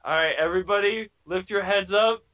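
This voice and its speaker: Bright-voiced playful man moderating a game. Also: high-pitched, low-quality recording. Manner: playful, theatrical, drawn-out announcements. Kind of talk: moderating a video-call party game. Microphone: video call.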